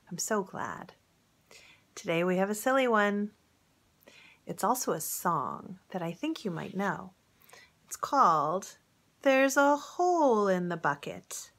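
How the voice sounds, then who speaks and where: A woman reading a picture book aloud to young children in a gentle, chatty way, pointing out the pictures as she goes. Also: lowish voice. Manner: gentle, chatty, talks straight to young listeners. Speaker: storybook reader.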